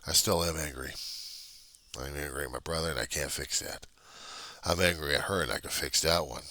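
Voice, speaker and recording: A man's voice: a bass voice, fairly quick, pushed and bright, no room sound. A man talking through a raw, agitated video diary, repeating himself and swearing often. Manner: raw, agitated, profanity-laced, repetitive. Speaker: video diarist. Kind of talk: personal video diary monologue. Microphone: computer webcam.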